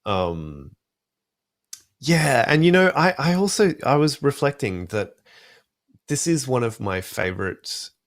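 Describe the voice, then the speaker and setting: Very animated but slow, with long pauses, a young Australian man in his adult years discusses film music as a podcast guest. His mid-range voice is recorded cleanly in a studio without echo, and he uses many fillers in the casual, thoughtful conversation.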